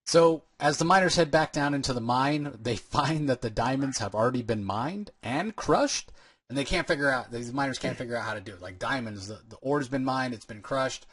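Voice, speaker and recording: A man's voice: mid-range voice, expressive, fairly quick, a bit bright, husky, no echo, studio quality. A man co-hosting a casual comic book podcast, retelling a story page by page with many fillers and restarts. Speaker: podcast co-host.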